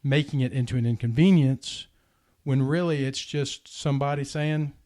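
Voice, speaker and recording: A man telling a heartfelt personal story in a casual podcast chat, earnest and animated. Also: mid-range voice, moderate pace. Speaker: podcast host.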